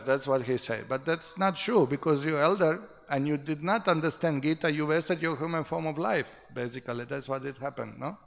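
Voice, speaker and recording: A man's voice: on the high side, fairly quick, creaky, in a large hall. A man leading a casual scripture class, talking conversationally, tagging remarks with "no?" and chuckling at his own stories. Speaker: scripture teacher. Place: temple hall.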